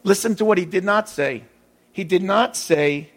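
A man's voice: sits high, normal speed. A man preaching a sermon in an emphatic way, repeating his key phrases.

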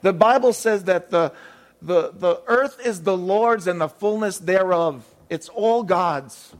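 A man's voice: sits high, slow pace. A man preaching a sermon in an emphatic way, repeating his key phrases.

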